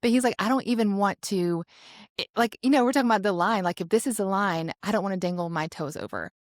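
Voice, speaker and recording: A woman in her forties co-hosting a podcast, telling a story in a chatty, animated way and acting out quoted lines. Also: mid-range voice, quick pace, no room sound, clean studio sound. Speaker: podcast co-host. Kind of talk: casual storytelling chat.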